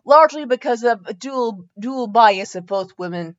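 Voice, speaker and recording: A woman's voice: a little high, animated, moderate pace, dull audio. A woman host reading fan fiction aloud in a comedic dramatic style, tripping over typos and correcting herself with asides.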